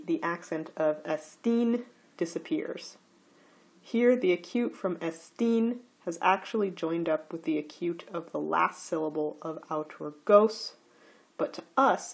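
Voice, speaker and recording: A woman teaching a recorded slide lecture, explaining grammar rules slowly and carefully. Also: sits low, gravelly, breathy edge.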